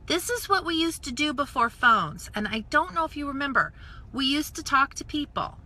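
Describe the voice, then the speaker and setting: A very bright, fairly high female voice telling a story live, lively and chatty. She plays out the voices of the people in her story and now and then drops to a whisper for an aside. A casual coaching stream, recorded on a phone or webcam. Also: moderate pace. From United States. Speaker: network marketing coach.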